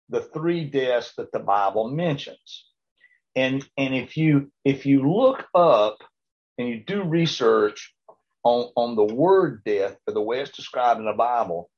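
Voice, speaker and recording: A man's voice: mid-range voice, breathy edge. A man teaching an informal Bible class, rambling with frequent stammered restarts and checking in with his listeners. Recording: dull lo-fi recording.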